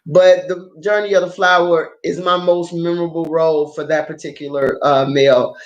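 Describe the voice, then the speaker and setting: Excitable, profane woman vlogger, roomy echo. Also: lowish voice, normal speed, dull audio. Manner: profane, excitable, laughs often. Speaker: drama review vlogger. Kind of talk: casual unscripted chat to viewers.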